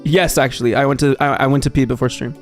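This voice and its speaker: A man's voice: mid-range voice, steady tone, fast, soft background music. A young man from Texas streaming live, chatting loosely and reading viewer messages, rambling with lots of fillers and restarts.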